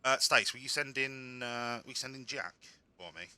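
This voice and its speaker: A man's voice: medium pitch, moderate pace, sharp tone, clear, resonant tone. A man giving casual, joking commentary while playing a game, sweary and self-mocking. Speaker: streamer.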